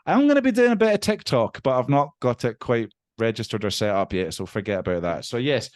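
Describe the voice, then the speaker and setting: A man's voice: medium pitch, brisk. Chatty man, casual and self-mocking. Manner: chatty and animated, swears casually; self-deprecating, laughs at himself. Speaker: podcast guest. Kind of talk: casual chat.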